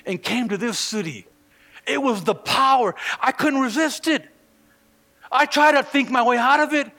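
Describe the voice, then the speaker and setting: A male pastor preaching a sermon with fervor, dropping to hushed lines and rising to shouted peaks, often stumbling and restarting his words. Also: very high-pitched, moderate pace.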